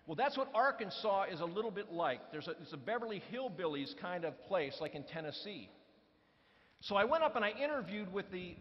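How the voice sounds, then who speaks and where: A man delivering a motivational keynote speech, telling stories and putting questions to the audience. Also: high-pitched. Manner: storytelling, poses questions to the audience. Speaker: keynote speaker. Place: large conference hall. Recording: reverberant hall, dull lo-fi sound.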